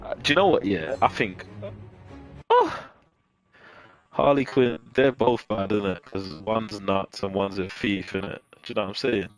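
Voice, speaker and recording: Over soft background music, a man streams a game live and trades laid-back, slangy banter with his chat. His lowish voice moves at normal speed with few pauses in this casual stream commentary.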